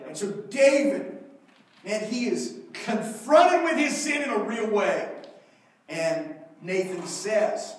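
A man preaching a sermon as pastor, telling the story in an animated, conversational way with humor. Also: high-pitched, slow pace. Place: church sanctuary. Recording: very echoey hall, mic far off.

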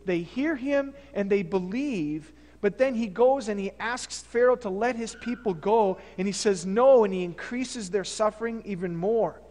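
Pastor guy preaching, high voice, chatty storytelling style, big church echo. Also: unhurried, few pauses, darkish tone. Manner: conversational preaching, fillers and restarts. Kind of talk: sermon. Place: church sanctuary.

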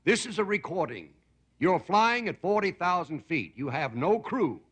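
A man imitating a calm automated airplane announcement in a slow, measured, reassuring tone. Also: high-pitched, breathy edge, exaggerated voice. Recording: 1960s TV broadcast with hiss and studio audience laughter.

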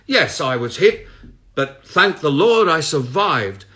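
A man voicing a bewildered, wounded priest who speaks gruffly and bluntly. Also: fairly high pitch, very animated, takes it slowly, bright, forceful tone, pitched above the performer's own voice, heavily acted. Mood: shaken.

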